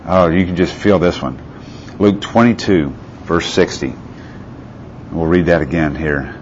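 A man with a deep, low voice delivers a sermon. He reads out scripture and keeps asking his listeners questions. The recording is a little muffled, with a faint hiss behind it. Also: unhurried. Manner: asks the listeners rhetorical questions. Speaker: preacher.

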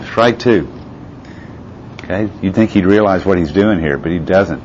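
A man with a deep, low voice delivers a sermon. He reads out scripture and keeps asking his listeners questions. The recording is a little muffled, with a faint hiss behind it. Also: moderate pace. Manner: asks the listeners rhetorical questions. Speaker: preacher.

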